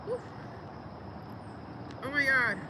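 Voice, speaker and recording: A woman in her forties chats casually on a live stream outdoors beside her car, talking to viewers and answering their comments as she goes. Her high voice is sing-song with drawn-out words, captured by a phone on a tripod against a noisy background.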